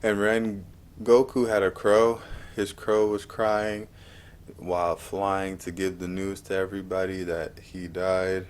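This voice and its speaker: A man casually reviewing a movie, retelling scenes with animated high-pitched outbursts. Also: takes it slowly, smooth.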